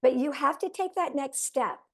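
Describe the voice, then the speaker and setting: A woman on a team coaching call over a video link, passing on her own tips. She talks earnestly and is quick to laugh at herself. Her voice sits a little higher than most women's. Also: a bit bright. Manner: earnest, self-deprecating. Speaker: team member sharing tips.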